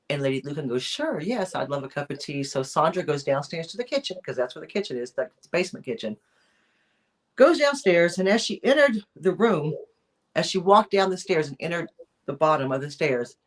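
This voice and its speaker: A woman co-hosting a weekly chat, telling a true crime story in a casual, rambling way, with lots of fillers and restarts. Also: low-pitched. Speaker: co-host of a weekly chat show.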